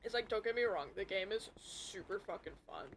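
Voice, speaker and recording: A young woman streaming a game from home, chatting casually and swearing often, with loud outbursts. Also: medium pitch, animated, fairly quick, slight background noise. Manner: swears a lot, loud outbursts while playing. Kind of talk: casual gaming stream chat. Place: home room with a computer.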